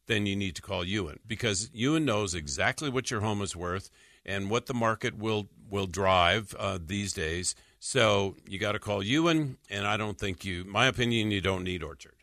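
A man hosting a radio talk show about mortgages, reading listener questions aloud and answering in a halting way, with many fillers and frequent chuckles. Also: fairly low pitch, sharp tone, dry recording, studio quality. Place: radio studio.

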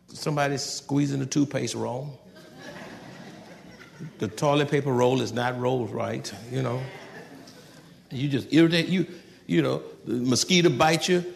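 A man preaching a sermon in a folksy, conversational way, swinging from loud outbursts to soft asides and laughing at his own jokes. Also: mid-range voice, moderate pace, gravelly, pauses often, big-room sound, slight background noise. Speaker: pastor.

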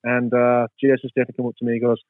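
His delivery is completely flat, mid-range and fast, with no echo, as this man from England tells rambling anecdotes while guesting in a casual interview, putting on the voices of people in his stories. The sound is dry and tinny, like a phone.

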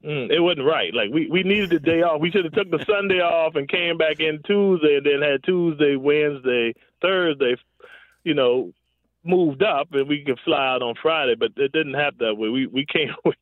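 A man's voice: on the high side, moderate pace, no room sound. A man, a former pro football receiver, telling stories in a casual interview, laughing often and leaning on "you know what I'm saying". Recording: dry, tinny phone-like line.

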